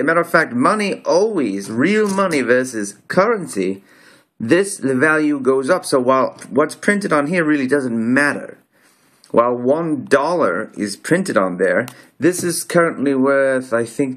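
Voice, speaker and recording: A man's voice: mid-range voice, fairly bright tone. A man casually explaining coins he holds up to the camera, talking in a put-on accent with a loose, rambling delivery that keeps breaking off and restarting. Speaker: video host.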